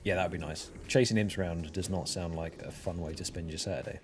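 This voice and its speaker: A man with a low voice chats casually on a game stream, answering his viewers as he plays. His tone is mellow and relaxed. Faint game music sits behind him. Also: a little fast. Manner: chatty, answers chat while playing. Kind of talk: casual livestream chat.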